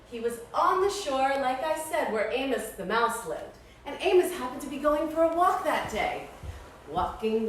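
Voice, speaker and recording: A woman leads a children's yoga class as she tells a story, playful and encouraging throughout. Her high voice jumps around a lot, and it sounds far off the mic in an echoey room with faint noise behind it. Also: fairly bright tone. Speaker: kids' yoga teacher.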